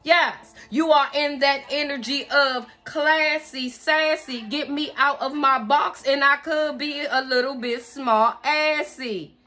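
Woman, tarot reader, high voice, sharp bright tone, sassy and emphatic delivery. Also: soft background music. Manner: sassy, emphatic, drawn-out stresses with pet names. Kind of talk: tarot reading channeling messages.

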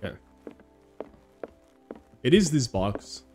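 A male streamer talking his way through a game live, with a mid-pitched voice. He is casual, laughs often and swears now and then. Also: very animated, drawn-out words, dark tone, soft background music. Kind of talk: live gameplay commentary.

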